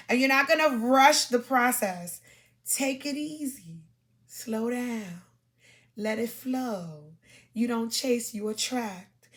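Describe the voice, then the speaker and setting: A woman's voice: a little high, fairly bright tone. Emphatic New woman podcaster. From Brooklyn, New York. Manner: chatty, emphatic, dramatic asides. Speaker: podcast host. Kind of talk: casual advice monologue.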